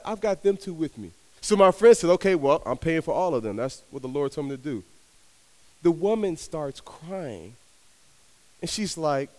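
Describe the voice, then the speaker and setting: A young man preaching to a youth audience, telling stories with energy and swinging between soft and loud delivery. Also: mid-range voice, big-room sound. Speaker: youth minister. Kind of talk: sermon. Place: large hall with young audience.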